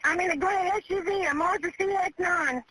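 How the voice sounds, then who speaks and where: A woman's voice: very high voice, fairly quick, fairly bright tone, no room sound. Terrified woman sobbing on a phone line. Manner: pleading, repeats herself. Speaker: caller. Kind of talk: panicked emergency phone call. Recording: telephone line with faint noise.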